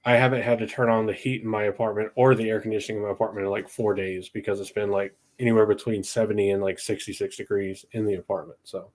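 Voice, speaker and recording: A young man with a fairly low voice talks through his thoughts on a casual livestream podcast. He rambles and circles back, filling pauses with ums. He grew up in the southeastern United States. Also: little pitch movement, darkish tone. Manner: rambling, thinks aloud with many ums. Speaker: podcast host.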